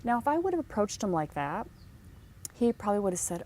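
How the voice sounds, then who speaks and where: A woman teaching career advice in casual talk, telling stories with animated delivery and acting out the people she quotes. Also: mid-range voice, brisk, slight background noise. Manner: animated storytelling, acts out quotes.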